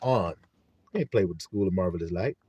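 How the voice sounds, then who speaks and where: A man's voice: deep voice, expressive, rapid-fire, warm tone, slightly rough, dry recording. A man preaching a casual sermon to an online flock, firing rhetorical questions in a blunt, profane way.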